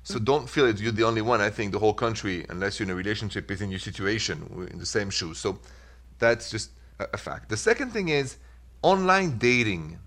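A man's voice: lowish voice, lively intonation, fairly quick, a bit bright. A man with a French accent hosting a call-in advice show, upbeat and reassuring. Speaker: radio advice show host.

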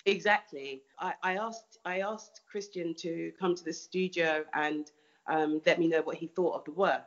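A woman's voice: on the low side, steady tone, normal speed. Thoughtful artist woman, muffled recording. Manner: thoughtful, frequent restarts and repeated words. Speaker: artist, interview guest. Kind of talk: reflective interview answers.

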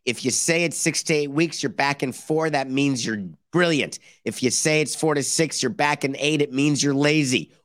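Male podcast host, sarcastic and animated, dry close-mic sound. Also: on the high side, moderate pace, few pauses, dry recording. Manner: sarcastic, animated, mock-quoting others. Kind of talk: opinionated sports talk monologue.

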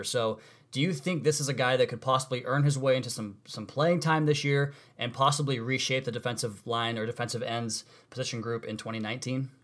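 A man's voice: medium pitch, a bit bright. A man with a mid-range voice hosts a casual sports podcast. He asks long, winding questions and makes easygoing, self-deprecating asides as he steers the talk. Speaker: podcast host.

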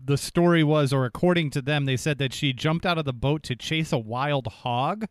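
An interviewer asks measured, probing questions in an even voice. The sound is dry and a little removed from the mic. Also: mid-range voice, no room sound.

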